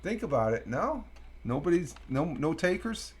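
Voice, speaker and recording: A man's voice: fairly high pitch, sing-song, slightly rough. Rambling man hosting a morning stream. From Upstate New York. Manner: rambling, many fillers, reads quotes slowly. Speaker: live stream host. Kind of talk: casual morning live-stream chat.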